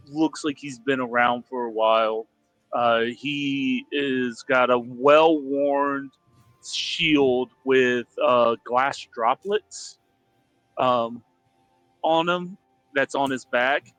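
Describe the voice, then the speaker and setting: A man who plays in a tabletop game, describing his character haltingly with many fillers. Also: mid-range voice, steady tone, a bit bright, dry recording, soft background music, rough recording.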